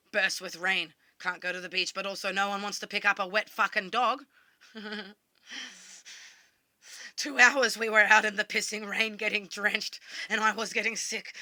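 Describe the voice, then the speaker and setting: A woman's voice: medium pitch, pushed and bright, no room sound. An Australian woman telling a personal story to camera in a blunt, casual way, swearing freely and acting out what she said to herself. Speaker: vlogger.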